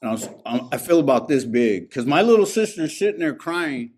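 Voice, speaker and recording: A man's voice: mid-range voice, very animated, brisk, a little mellow. A man sharing his recovery story at a meeting, candid and profane in a streetwise way. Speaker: speaker at a recovery alumni meeting. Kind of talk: personal recovery testimony.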